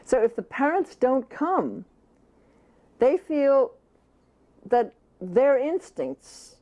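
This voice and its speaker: A woman's voice: sits high, big pitch swings, drawn-out words, highs cut off. An older woman, an author, giving impassioned, emphatic interview answers and at times speaking as if she were the baby. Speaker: author interviewed about child care.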